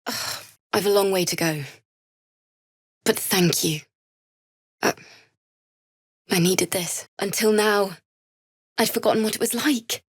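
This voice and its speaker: A woman's voice: mid-range voice, slow, pauses often, slightly rough, dry recording, clean studio sound. A woman voicing a young bard in a video game, earnest and grieving, who swings from shy apologies to sudden anger. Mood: earnest, apologetic. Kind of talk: video game character dialogue.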